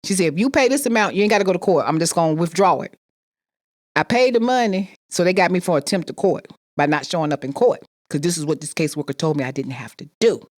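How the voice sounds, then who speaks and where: A woman's voice: fairly low pitch, lively intonation, quick pace, a little mellow. A woman telling a personal story with emphatic repetition, acting out the people she quotes. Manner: emphatic, repeats phrases, acts out quoted voices.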